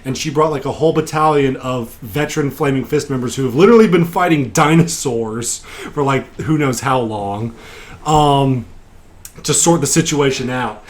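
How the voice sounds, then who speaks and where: A man's voice: medium pitch, moderate pace. A man hosting a podcast, recapping a tabletop game session in casual chat, rambling with many fillers. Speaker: podcast host.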